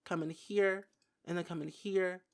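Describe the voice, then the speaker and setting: A young woman giving casual gameplay commentary who giggles, gets excited and says "like" a lot. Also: fairly low pitch, a little slow, clear, resonant tone. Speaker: gaming video creator.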